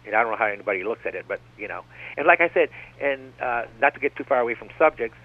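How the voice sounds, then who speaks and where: This American radio guest has a mid-range, expressive voice and talks fast. He wanders off on tangents and keeps returning with "like I said," all through a tinny phone-line broadcast.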